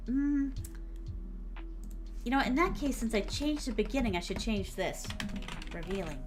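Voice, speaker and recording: A woman's voice: fairly high pitch, animated, a little slow, long pauses, faint music behind. Playful woman streamer muttering drafts. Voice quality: slight put-on accent. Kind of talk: casual writing stream.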